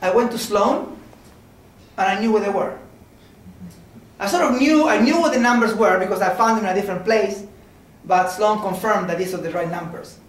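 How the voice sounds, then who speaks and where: A man lecturing on mathematics in a relaxed seminar style, his voice pitched fairly high. He talks conversationally, checking in with the audience as he goes. The sound is heavily echoey and distant, picked up from across the room. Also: moderate pace. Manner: conversational, checks in with "okay?" and "right?".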